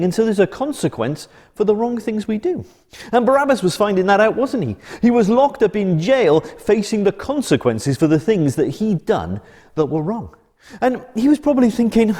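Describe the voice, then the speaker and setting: Man telling a bible story to kids, high voice, super animated, long echo off the walls. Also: moderate pace. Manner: gentle, expressive storytelling to children. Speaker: children's church presenter.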